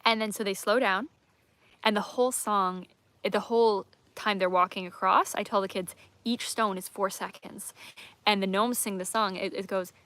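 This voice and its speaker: A woman's voice: medium pitch, steady tone, moderate pace, fairly bright tone, no room sound. A woman who creates and teaches musical theater, chatting casually in a rambling, enthusiastic way with lots of fillers. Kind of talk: casual chat.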